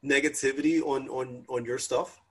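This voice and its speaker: A man's voice: medium pitch, fairly even intonation, normal speed, breathy edge. A man hosting a panel, friendly and playful as he asks the guests questions. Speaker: panel host. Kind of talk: casual panel chat.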